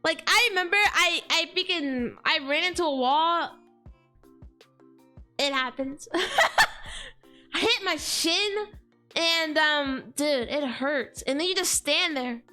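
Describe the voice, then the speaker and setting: A woman's voice: high voice, a little slow, sharp tone, faint music behind. A woman streamer in casual chat, slangy and exclaiming, heavy on fillers like "like" and "dude".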